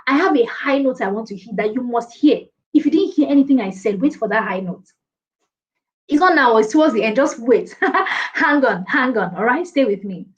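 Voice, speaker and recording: A woman teaches presentation skills in a live online session, often laughing and reading viewers' comments out loud. She has a fairly high, expressive voice at a normal speed, heard through dull, lo-fi stream audio.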